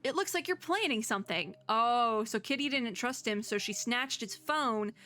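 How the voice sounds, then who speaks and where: Young woman streamer, higher pitch, sharp bright tone, chatty and giggly while she reads game text aloud. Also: normal speed. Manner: chatty, giggly, excitable reactions. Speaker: VTuber streamer. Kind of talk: reading game dialogue aloud with commentary.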